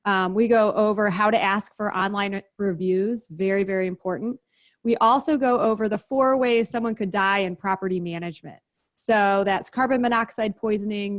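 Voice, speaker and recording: A woman guest on a podcast, explaining her business practices in a brisk, practical, step-by-step way. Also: medium pitch. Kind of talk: interview, explaining.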